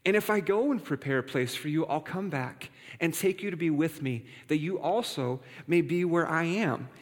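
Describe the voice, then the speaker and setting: Male pastor, slightly high voice, relaxed and joking, preaching in a church with a long echo. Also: moderate pace. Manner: conversational, playful asides to congregation. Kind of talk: sermon. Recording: reverberant hall.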